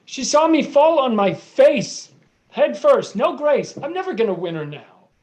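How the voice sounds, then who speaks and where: A woman's voice: sits high, measured pace. Woman reading a lovesick young guy. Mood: earnest. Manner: lively, dramatic rhymed delivery. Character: lovesick young American man. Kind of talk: live play reading. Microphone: video call.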